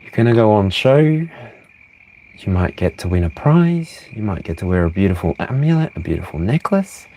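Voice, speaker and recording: A man with a fairly low, warm, sing-song voice gives a playful tarot reading on a livestream. Between slow readings he breaks into song and laughter. A little hiss or hum can be heard.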